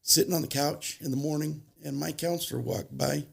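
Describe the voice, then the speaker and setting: A man telling his recovery story as a podcast guest, halting and restarting as he goes, plainly moved as he recalls it. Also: on the high side, fairly even intonation, vocal fry, slightly rough. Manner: halting, restarts and self-corrections, emotional retelling. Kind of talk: personal storytelling.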